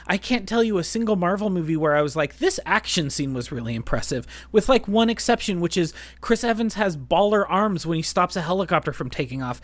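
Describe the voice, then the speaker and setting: A podcast co-host in a casual film chat who talks quickly and animatedly, full of restarts and "like"s. The voice sits mid-range in pitch. The sound is dry and close, with no room echo. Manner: animated, talks fast with many restarts and fillers.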